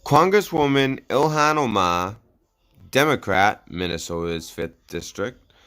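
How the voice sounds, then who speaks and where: A man's voice: on the low side, lively intonation, measured pace, sharp tone. A man hosting a commentary channel, reading news articles aloud and breaking in with sarcastic asides, sometimes stumbling over words. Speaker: political commentary channel host.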